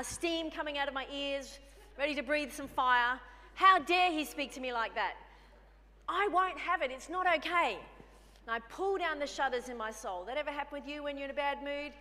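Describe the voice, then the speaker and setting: A woman's voice: sits high, bright, forceful tone, big-room sound. A woman preaching a sermon in a conversational way, often acting out little dialogues with herself. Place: church hall.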